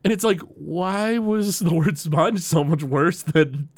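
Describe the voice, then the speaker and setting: A man's voice: slow pace, no room sound. A man co-hosting a podcast, retelling cartoon scenes in casual chat and filling them with "like" and "you know". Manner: animated, lots of "like" and "you know", jumps pitch for quoted lines. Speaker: podcast co-host recapping a cartoon episode.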